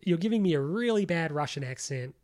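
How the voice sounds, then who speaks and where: Aussie guy rambling about movies on a podcast, kinda high voice, lots of "like". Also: a little fast. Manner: rambling, animated, swears freely, lots of "like". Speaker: podcast co-host. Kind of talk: casual chat.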